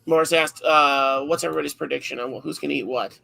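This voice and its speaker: Gravelly husky male livestream host. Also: on the high side, fast talker. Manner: relaxed, moderating, reads out viewer questions. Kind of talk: casual livestream hosting.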